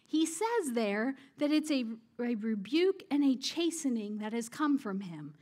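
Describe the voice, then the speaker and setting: A woman with a high-pitched voice delivers a sermon. She speaks informally, turns questions back to her listeners, and laughs easily at her own jokes. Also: very animated, unhurried, darkish tone. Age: adult parent. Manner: conversational, asks the audience questions. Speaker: preacher.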